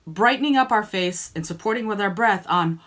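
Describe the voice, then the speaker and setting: A woman's voice: medium pitch, lively intonation, fairly quick, fairly bright tone. A woman singing teacher coaching students by name in an online group lesson, encouraging them and demonstrating sung vowels.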